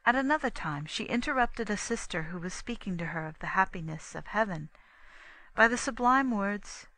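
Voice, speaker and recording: Bright-voiced woman audiobook narrator. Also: mid-range voice, lively intonation, normal speed, no echo, rough recording. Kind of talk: scripted narration.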